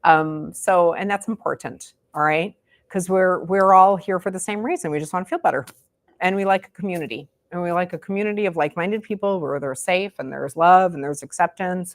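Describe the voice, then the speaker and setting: A woman's voice: lowish voice, no echo. A middle-aged American woman, a meditation teacher, chatting informally and rambling a bit to her class in a meditation room. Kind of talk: casual talk to a class.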